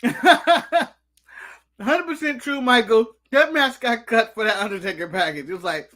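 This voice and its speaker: American male co-host, high and bright, animated ranter, eats on mic. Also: moderate pace. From United States. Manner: animated ranting, snacking while talking. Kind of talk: casual live-stream chat.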